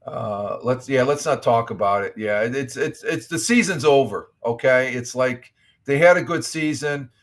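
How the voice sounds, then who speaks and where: A middle-aged man hosts a relaxed morning livestream in an easy, rambling way. He greets viewers as he reads their chat messages aloud and often stumbles and restarts his sentences. His voice sits at an ordinary middle pitch for a man. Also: normal speed. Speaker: livestream host.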